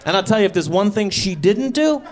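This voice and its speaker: High-voiced deadpan stand-up comic. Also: male voice, background noise. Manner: deadpan, conversational storytelling with acted-out asides. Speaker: stand-up comedian. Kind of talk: stand-up comedy set. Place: comedy stage before a live audience.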